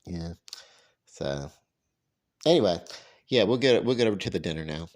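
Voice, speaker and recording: A man's voice: low-pitched, animated, moderate pace, darkish tone. Rambling man in a home kitchen. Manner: rambling, self-deprecating, chuckling. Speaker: vlogger. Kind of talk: casual cooking vlog.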